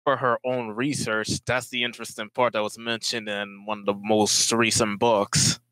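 A man's voice: on the low side, level tone, moderate pace, sharp tone, no room sound, poor audio. A man appearing as a podcast guest, explaining in a casual, matter-of-fact, informative way. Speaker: podcast guest, lore expert.

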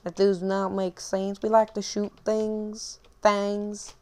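A woman voicing a hick Southern man in a put-on American Southern accent, halting and bumbling. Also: medium pitch, little pitch movement, warm tone, natural voice. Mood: goofy. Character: hick southern man bragging about shooting.

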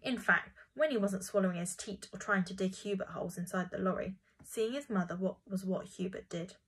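A woman reads a children's storybook aloud with gentle expression. Her voice sits in the middle range and has a soft, breathy edge. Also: mid-range voice, brisk, poor audio. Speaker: narrator.

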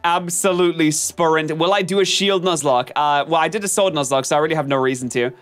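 A man streaming gameplay commentary, chatting with his viewers in an animated, self-mocking and melodramatic way. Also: on the high side, fast talker, soft background music. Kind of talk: live-stream gameplay commentary, reading chat.

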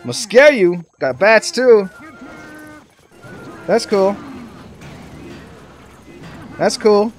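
A man giving excitable live commentary over his own gameplay, talking to the game and to his viewers. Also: sits high, extremely slow, long pauses, soft background music. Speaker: gaming commentator.

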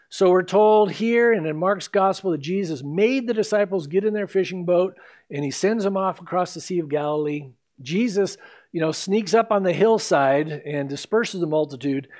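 A man with a high, light voice delivers an expository sermon from the pulpit. He walks the congregation through the passage in a lively storytelling way, acting out the voices of the people in the story. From United States. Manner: animated storytelling, acts out quoted lines. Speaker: pastor.

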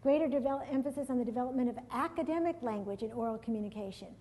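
A middle-aged woman giving a conference presentation for teachers, lively, with frequent laughs and repeated words. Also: on the high side, racing, husky. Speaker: education conference speaker. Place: large conference hall. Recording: long hall reverb.

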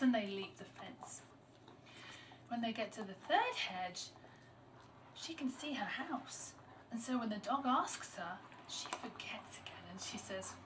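A woman telling a folktale aloud, unscripted, with small restarts and varying loudness. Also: fairly high pitch, animated, normal speed. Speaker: storyteller. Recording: distant mic with clear background noise.

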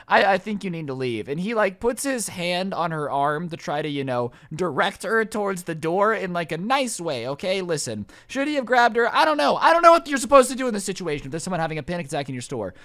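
A young man hosting a comedic storytime vlog, rambling in an animated, sarcastic way. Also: sits high, a little fast, hardly any pauses, no room sound, clean studio sound. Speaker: YouTuber host.

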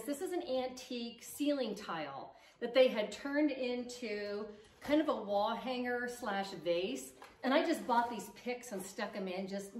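A woman vlogging about home decor DIY, chatting enthusiastically and thinking aloud as she arranges pieces at home. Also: a little high. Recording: roomy echo, distant mic, faint noise.

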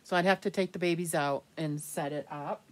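A middle-aged woman vlogging candidly to the camera, rambling and laughing softly as she talks. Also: low-pitched, fairly even intonation, brisk. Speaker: reborn doll collector vlogger. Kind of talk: casual chat to camera.

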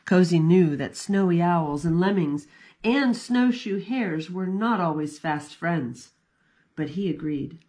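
A woman librarian giving an expressive, sing-song storytime read-aloud for children. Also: medium pitch, measured pace, breathy edge.

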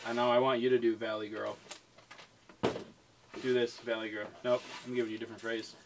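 A man's voice: mid-range voice, level tone, fairly quick, distant mic, background noise. A young man co-hosting a casual accent challenge video, teasing and bantering. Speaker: YouTube co-host.

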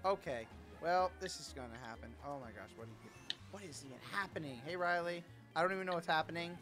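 A man streaming a racing game in casual chat, excitable and teasing, with loud sudden exclamations. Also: fairly high pitch, quick pace, music in the background. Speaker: gaming streamer.

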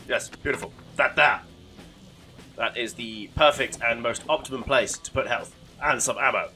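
A man's voice: medium pitch, lively intonation, normal speed, pushed and bright, faint music behind. A man giving casual, sweary, rambling commentary while playing a video game, often mocking himself. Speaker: gaming YouTuber.

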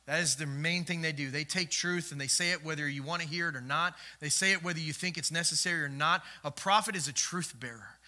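Bright, high-voiced preaching man. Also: fast, few pauses. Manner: dynamic preaching, swings from loud to hushed, acts out quoted voices. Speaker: pastor. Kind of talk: sermon.

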